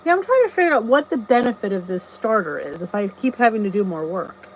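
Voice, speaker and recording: A woman's voice: mid-range voice, sing-song, fast talker, a little hiss or hum, poor audio. A middle-aged woman hosting a casual live stream, chatting and greeting viewers by name, often laughing at herself. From New Jersey. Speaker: channel host.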